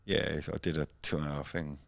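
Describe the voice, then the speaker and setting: A man's voice: rumbling low, fairly even intonation, moderate pace, vocal fry, fairly bright tone, dry recording. A man co-hosting a podcast, talking earnestly and jokily with frequent restarts. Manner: earnest and jokey, restarts often. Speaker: podcast co-host. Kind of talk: casual chat.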